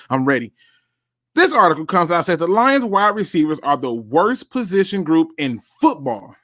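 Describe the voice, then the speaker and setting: A man hosting a solo sports talk show, speaking straight to his viewers and reacting as he reads. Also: sits high. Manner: animated, talks to viewers directly, reads out and reacts.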